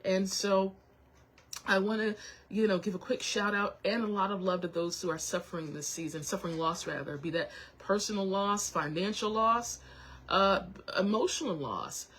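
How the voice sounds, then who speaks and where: A young woman hosting her own show, talking to viewers while close to tears, halting with many restarts and apologies. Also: mid-range voice, steady tone, a bit bright, breathy edge. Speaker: show host. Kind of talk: emotional personal talk to viewers.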